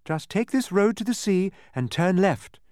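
A man's voice: sits high, lively intonation, measured pace, a little mellow, no echo, pitched above the performer's own voice. Storybook figure: a kind, worried woman voiced by a man with a raised, lilting voice and a dry, close sound. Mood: earnest. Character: kindly, fretful woman who keeps sounds.

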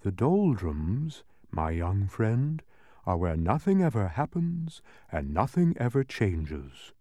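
A man voicing tiny drowsy creatures that yawn and drawl slowly through every word. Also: lowish voice, very animated, dark tone, dry recording, heavily acted. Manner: slow, drawn-out, yawning delivery. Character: tiny drowsy yawning creatures, sluggish and dull.

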